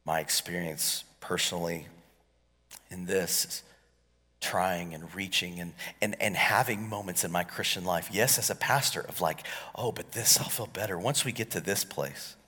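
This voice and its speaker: A pastor in his forties preaching a sermon, swinging between loud, animated passages and hushed, quiet lines. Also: deep voice, moderate pace, breathy edge. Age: 40s. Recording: long hall reverb.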